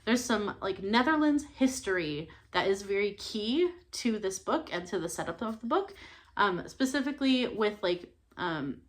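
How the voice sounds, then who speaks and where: A woman's voice: medium pitch, expressive, normal speed. A young woman hosting a book channel, chatting casually about her reading with many fillers and small laughs. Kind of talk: casual book review chat.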